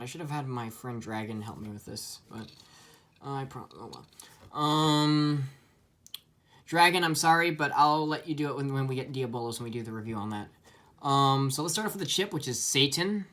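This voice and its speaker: A man's voice: mid-range voice, fairly bright tone. A man giving a casual, enthusiastic toy review, chatty and full of ums.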